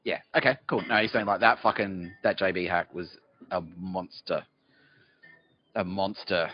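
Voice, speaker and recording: Deep and steady in tone at a moderate pace, this podcast host rambles through a profane comedic monologue with a mock-conspiratorial air. The audio is dull lo-fi with faint music and a little hiss or hum.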